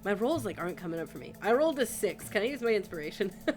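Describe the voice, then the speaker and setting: A woman playing in a tabletop game, talking quickly with laughs and swearing. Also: medium pitch, big pitch swings, darkish tone, soft background music. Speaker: player. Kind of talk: casual tabletop game chat.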